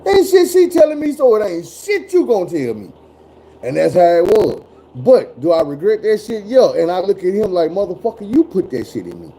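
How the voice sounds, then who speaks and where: A man's voice: sits high, sing-song, normal speed, warm tone, poor audio. A man in his forties telling stories in casual chat, blunt and full of cursing. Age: 40s. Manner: profane, blunt, drawling storyteller.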